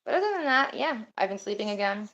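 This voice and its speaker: A woman's voice: medium pitch, sing-song, quick pace, fairly bright tone, dull audio. A woman streaming and chatting casually with her viewers, rambling and swearing now and then. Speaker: streamer talking to her chat. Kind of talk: casual livestream chat.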